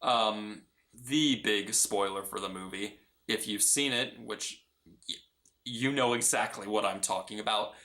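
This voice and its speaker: A man's voice: lowish voice, a little slow, sharp tone. A man giving a casual, earnest film review, often restarting and repeating his phrases. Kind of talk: casual movie review vlog. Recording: roomy echo.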